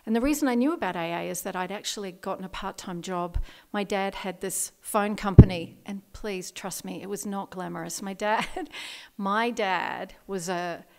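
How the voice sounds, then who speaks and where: A woman's voice: mid-range voice, moderate pace. A middle-aged Australian woman speaking candidly at a recovery meeting, telling her own story with self-deprecating laughs.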